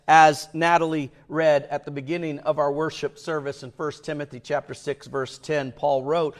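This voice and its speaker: A male pastor preaching a sermon in an emphatic way, dropping to a hush and then rising loud for emphasis. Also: fairly high pitch, level tone, normal speed, few pauses. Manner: emphatic, with swings between hushed and loud.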